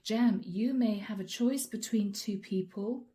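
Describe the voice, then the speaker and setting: 温暖柔和、爱笑的塔罗女占卜师. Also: female voice, mid-range voice, measured pace, dark tone. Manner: chatty, laughs often, voices the listener's inner thoughts. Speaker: tarot reader. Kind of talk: channeled tarot reading to camera.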